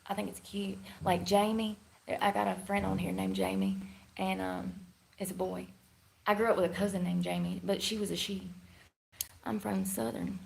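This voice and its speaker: A woman's voice: medium pitch, vocal fry, poor audio. A woman streaming live, chatting in a candid, rambling, slangy way and laughing often. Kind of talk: casual live-stream chat.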